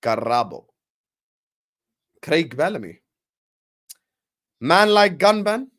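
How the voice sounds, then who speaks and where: A young man hosting a live football watchalong, chatting with viewers and calling the play with slangy, excitable banter. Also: a little high, slow pace. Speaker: watchalong streamer.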